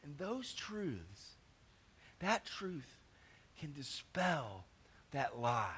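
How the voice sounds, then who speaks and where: A male pastor preaching a sermon, swinging between loud emphatic stretches and quiet low asides, often repeating words and restarting phrases. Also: very animated, drawn-out words, long pauses, a little hiss or hum.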